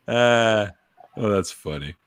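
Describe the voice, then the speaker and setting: A man's voice: lowish voice, fairly bright tone, dry recording. A man hosting a casual livestream chat, laughing often and swearing freely. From Canada. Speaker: host.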